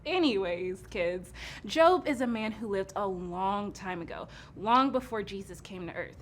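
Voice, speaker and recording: A woman co-hosting a kids' church show, patiently telling a Bible story in a gentle, amused way. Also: mid-range voice, lively intonation, a little slow, slight background noise.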